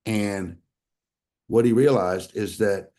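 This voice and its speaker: A man telling a story in a folksy, animated way over a video call, acting out the dialogue he quotes. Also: lowish voice, takes it slowly. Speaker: guest sharing a testimonial. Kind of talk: casual storytelling.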